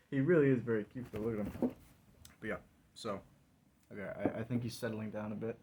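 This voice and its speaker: A man's voice: on the low side, fast talker, long pauses, background noise. A man vlogging alone in a wry, rambling monologue full of fillers. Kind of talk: casual solo monologue.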